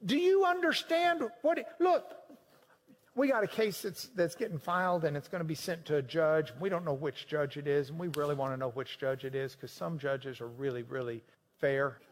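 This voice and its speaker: A man preaching a sermon to a class, swinging between loud emphatic lines and quiet low ones. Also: normal speed, slight background noise. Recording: long hall reverb.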